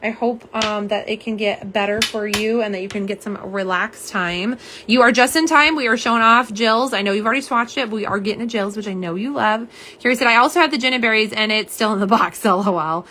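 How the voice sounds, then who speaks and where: A tired woman hosts a casual nail polish livestream, chatting warmly and reading viewer comments aloud. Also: medium pitch, a little fast. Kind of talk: casual live-stream chat.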